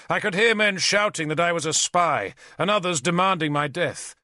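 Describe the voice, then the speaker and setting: A man's voice: fairly high pitch, sharp tone, no echo, studio quality. A man narrating a historical novel in the first person with dramatic storytelling. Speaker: audiobook narrator.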